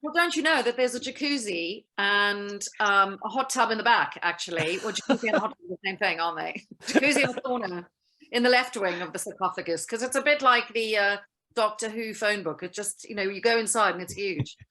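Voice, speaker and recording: A woman's voice: medium pitch, fairly quick. A woman, a guest actress, telling playful stories with frequent laughter in a casual interview over a video call. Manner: lively, laughing, playful storyteller.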